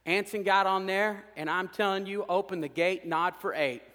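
A man's voice: high-pitched, fairly even intonation, moderate pace, a bit bright. A man preaching a folksy sermon to a congregation, joking and driving his points home with emphatic peaks. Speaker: pastor. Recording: reverberant hall.

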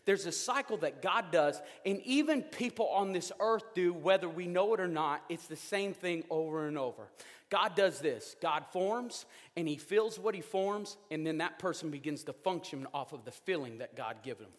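A man preaching a sermon, animated and joking, with sudden loud outbursts. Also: on the high side, normal speed. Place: church sanctuary. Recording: reverberant church hall.

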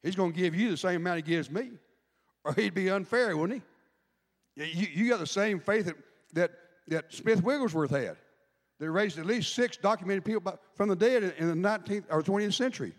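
Male pastor, conversational preacher, high voice, reverberant hall. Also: fairly quick. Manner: conversational preaching, asks the congregation questions. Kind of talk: sermon.

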